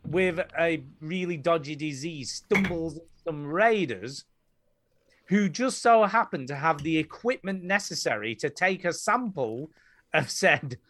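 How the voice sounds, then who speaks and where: A man's voice: on the high side, lively intonation, a bit bright, slight background noise. A man co-hosting a casual gaming podcast, cracking jokes and poking holes in the plot his co-host is describing. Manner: jokey, quick with wisecracks and questions. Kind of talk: casual chat.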